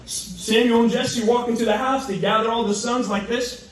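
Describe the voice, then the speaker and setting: A man telling a Bible story as a lively sermon, animated and laughing, calling on the audience to repeat words. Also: extremely high pitch, moderate pace, slight background noise. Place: large indoor hall. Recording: echoey hall from far off.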